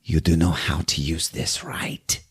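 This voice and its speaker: A man putting on a quiet, low voice for a smug, mocking male hitman while retelling a movie. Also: flat delivery, takes it slowly, husky, full character voice. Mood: cold.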